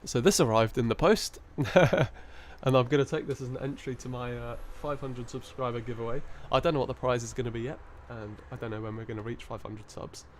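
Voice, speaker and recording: A coin-hunting live streamer chats casually from his desk, rambling between thoughts and laughing often. His plain middle-register voice stays steady and moves a little fast, with a faint hum of room ambience behind him.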